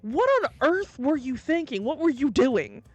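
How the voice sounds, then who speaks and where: A woman's voice: medium pitch, expressive, normal speed, no room sound, lo-fi sound, lightly acted. A harried innkeeper man, exasperated and stammering as he scolds, as a woman puts him on. His voice rises as he stumbles over his words. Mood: furious. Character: angry harried innkeeper man, older brother.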